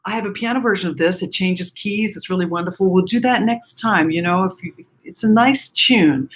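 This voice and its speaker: A woman giving a breathing lesson, speaking gently and reflectively and singing lines of a song between her remarks. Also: on the low side, brisk, echoey room, low-quality recording. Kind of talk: breathing lesson with sung demonstration.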